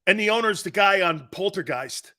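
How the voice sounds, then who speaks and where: Loud, laughing sports talk host. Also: male voice, high-pitched, expressive, normal speed. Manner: loud, laughs often, jokey riffs. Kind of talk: sports talk show banter.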